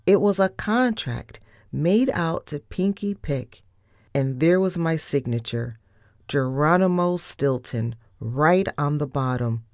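A woman reading a children's chapter book aloud in an expressive, unhurried storytelling manner. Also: low-pitched, no echo, studio quality. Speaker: storybook reader.

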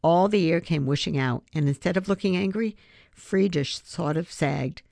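A woman reading a children's chapter book aloud, telling the story in an expressive storyteller's way and calling out the page numbers. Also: on the low side, normal speed, vocal fry, dry recording, studio quality. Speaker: reader.

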